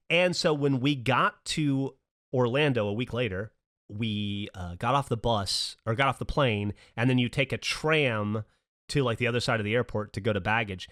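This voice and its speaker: A podcast host in his forties tells a long story in casual, profane chat, speaking at medium pitch and a little fast. He's an animated storyteller who acts out the voices of the people involved, including his daughter's lines.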